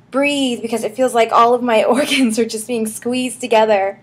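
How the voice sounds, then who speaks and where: A young woman talks through a casual vlog update in a slightly high voice. She sounds a little short of breath and giggles between thoughts, with lots of ums and likes. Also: steady tone, fairly quick. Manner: chatty, giggly, many fillers and restarts. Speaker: vlogger.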